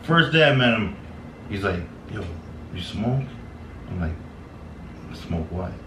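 A young man from Canada with a slightly low voice rambles through stories in a loose, profane, chuckling way. He sits away from the mic in a roomy space with steady background noise. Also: slow. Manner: laid-back, swearing, lots of "like" and "man", laughs often. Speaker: guest telling stories. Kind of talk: casual storytelling chat. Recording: echoey room, mic at a distance, noisy.

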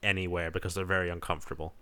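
A man's voice: low voice, level tone, racing, sharp tone, clean tone. A man, joining a casual podcast chat with blunt, profane, indignant remarks. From Scotland. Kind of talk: casual film discussion.

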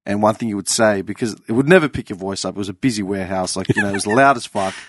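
A man's voice: fairly low pitch, racing. An Australian man hosting a podcast, telling laid-back stories with casual swearing. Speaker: podcast host. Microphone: studio mic.

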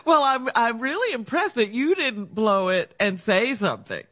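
Female radio co-host, bright high voice, teasing banter. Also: very animated. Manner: teasing, quick to laugh. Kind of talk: casual on-air banter.

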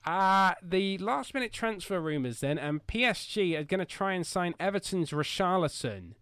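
A man's voice: high voice, animated, moderate pace, a bit bright, clear, resonant tone, no room sound, studio quality. A man hosting a casual football podcast from home, joking and rambling with lots of fillers. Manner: jokey and rambling, with many fillers. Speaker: podcast host.

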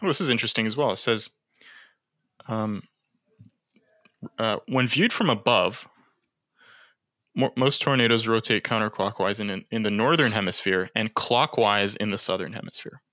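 A man co-hosts a casual podcast chat and reads facts aloud with small stops and restarts. His tone is bright and forward. The sound is dry and close to the mic. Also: on the low side, normal speed, long pauses, no room sound. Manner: hesitant, reads notes aloud. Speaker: podcast co-host.

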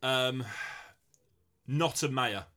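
A young man, co-hosting a casual comedy chat with dry, deadpan quips. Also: medium pitch, drawn-out words. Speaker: podcast co-host.

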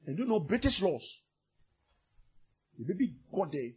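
A man preaching a sermon with passion, repeating phrases and swinging from loud bursts to quiet murmurs. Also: sits high, big pitch swings, brisk, pauses often, breathy edge, highs cut off. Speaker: pastor.

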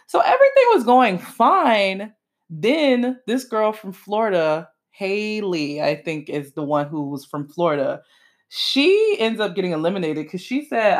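A young woman giving a casual, opinionated monologue about a reality show, sassy and animated, her pitch swinging up and down for emphasis. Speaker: podcaster reviewing reality TV.

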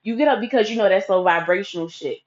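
A woman's voice: mid-range voice, fast, muffled recording, natural voice. A woman voicing a blunt older male mentor who lectures with profanity, barely changing her own voice. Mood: stern advice.

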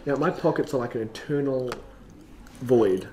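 A restless, joking man bantering on a casual podcast and reading notes aloud in a mid-pitched voice. He repeats words and trips over sentences, sometimes mumbling quietly before reading louder, with a faint hiss behind him. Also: normal speed, rough recording. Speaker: podcast co-host.

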